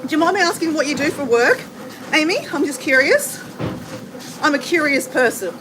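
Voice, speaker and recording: Australian woman, high voice, chatty livestream host, walking on a treadmill, noisy room. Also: lively intonation, moderate pace. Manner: chatty, reads and answers viewer comments. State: walking on a treadmill, slightly effortful. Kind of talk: casual livestream chat while treadmill walking. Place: home with renovation banging. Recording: noisy background with banging.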